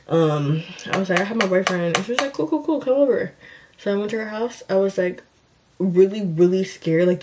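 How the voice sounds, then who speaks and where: A woman's voice: lowish voice, background noise. A young woman vlogger telling a casual storytime, chatty and full of fillers, acting out what she and others said. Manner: chatty, acts out quotes of herself and others, many fillers.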